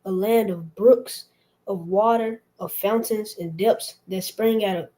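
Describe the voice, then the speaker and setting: A woman reading scripture aloud in a measured, careful way. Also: mid-range voice, dark tone, poor audio. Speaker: scripture reader.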